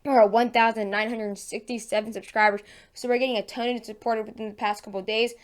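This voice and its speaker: Chatty woman with a smooth morning voice. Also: on the high side, level tone, quick pace. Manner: chatty, frequent fillers and self-corrections. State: just-woken morning voice. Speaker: weather channel host. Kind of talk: casual weather forecast vlog.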